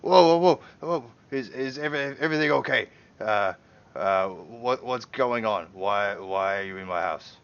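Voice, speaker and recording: A man voicing a flustered, suspicious human homeowner who stammers and protests loudly, on a dull lo-fi stream recording. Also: mid-range voice, very animated, normal speed, pitched above the performer's own voice. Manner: stammering, indignant, raised voice.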